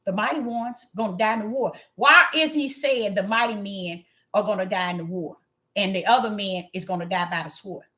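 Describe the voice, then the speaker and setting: A woman preaching an impassioned sermon, calling out to her listeners and swinging from low murmurs to loud cries. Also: a little fast. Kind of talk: fiery street sermon.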